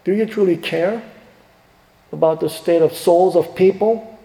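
A middle-aged man, a pastor, preaching a sermon with emphatic swings between hushed and rising delivery. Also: sits high, a little slow, creaky. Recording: echoey hall with long reverb.

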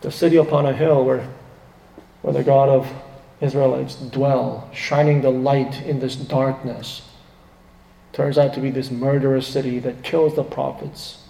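A man's voice: medium pitch, little pitch movement, measured pace, vocal fry, dark tone. Man preaching a sermon in an echoey hall. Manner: dramatic, rising to emphatic quoted laments.

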